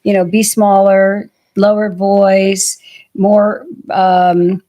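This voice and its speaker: A woman co-hosting a podcast in relaxed casual chat, talking through a list of prompts. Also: medium pitch, drawn-out words. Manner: relaxed, talks through lists of prompts, uses fillers like "you know". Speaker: podcast co-host.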